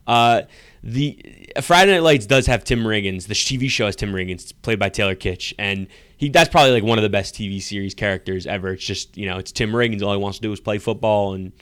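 A man's voice: on the low side, a little fast, a bit bright, clear, resonant tone, no room sound. A man co-hosting a podcast in casual chat, rambling and laughing as he tells stories. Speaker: podcast co-host.

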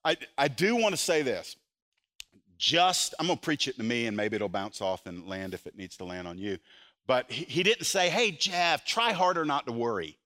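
An older man preaching a sermon as a pastor, animated, voicing quotes with sudden loud jumps. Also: medium pitch, normal speed.

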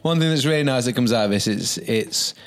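A man's voice: mid-range voice, brisk. A man co-hosting a podcast in a rambling, jokey way. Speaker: podcast co-host. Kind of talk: casual podcast chat.

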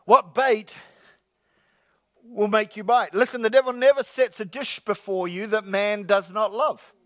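A man preaching a sermon to his congregation, joking with the crowd and slowly repeating his key lines. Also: sits high, sharp tone, no echo. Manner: jokey, repeats key lines slowly, calls out "come on, somebody". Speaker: pastor. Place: church sanctuary with congregation.

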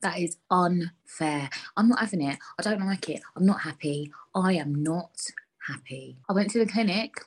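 A woman's voice: fairly low pitch, lively intonation, moderate pace, slightly rough. A young woman hosting a podcast alone, talking candidly and bluntly with lots of swearing. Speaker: podcast host. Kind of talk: casual solo podcast chat.

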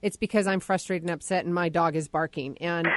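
A woman hosts a podcast in a casual interview chat, chatty and frequently restarting her sentences. Her voice is fairly low with fairly even intonation, she talks fairly quickly, and there's no room sound.

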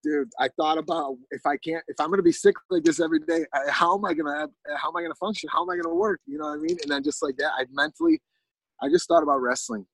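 A man's voice: a little high, big pitch swings, fast talker, creaky, a bit bright, husky, no room sound, rough recording. A man casually telling a long story as a podcast guest, rambling with lots of fillers and restarts.

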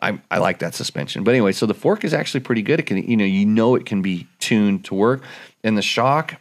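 A man's voice: lowish voice, expressive, fast talker. A man in casual chat, reviewing a dirt bike in technical detail with frequent restarts.

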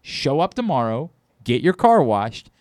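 A man hosting a radio talk show, chatting and joking in a lively, laughing way. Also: mid-range voice, a little slow, no room sound, clean studio sound. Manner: animated, laughing storyteller. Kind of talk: casual radio banter.

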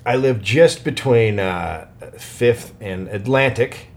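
A man co-hosting a podcast, telling rambling stories in casual chat, swearing a lot and breaking into animated quoted outbursts. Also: fairly low pitch, slow. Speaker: podcast co-host.

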